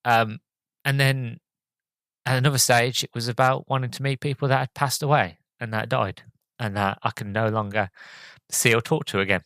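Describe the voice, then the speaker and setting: A man hosting a podcast, talking through a movie review in a halting, hesitant way with many fillers, audibly choked up and emotional. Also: medium pitch, steady tone, a bit bright, smooth, no echo. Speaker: podcast host.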